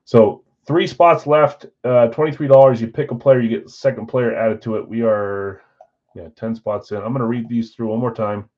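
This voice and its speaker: A man's voice: mid-range voice, steady tone, moderate pace. Casual man hosting a live card break. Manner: casual, thinking aloud, upbeat countdowns. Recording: dull lo-fi stream audio.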